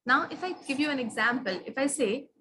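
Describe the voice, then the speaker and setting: A woman's voice: sits high, lively intonation, brisk, pushed and bright, slight background noise, rough recording. A woman teaching grammar to students, patient and questioning, stressing key words.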